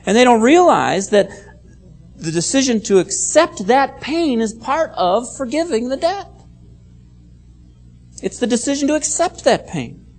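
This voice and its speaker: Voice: mid-range voice, very animated, a little slow, pauses often, faint music behind. A pastor preaching a sermon, stressing key phrases by repeating them, explaining Bible words and reading scripture aloud.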